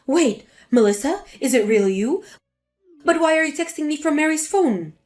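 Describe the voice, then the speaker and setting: A woman's voice: high voice, animated, normal speed, a little mellow, faint music behind. A woman voicing a spiteful, scornful older mother-in-law in a dramatic story reading. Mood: defensive. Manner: sneering, contemptuous.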